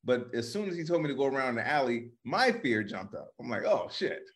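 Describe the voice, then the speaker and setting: A comedian co-host in easygoing podcast talk, telling a story that wanders with restarts and asides. His voice sits at an ordinary middle pitch. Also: a little fast. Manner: relaxed, rambling storytelling with laughs.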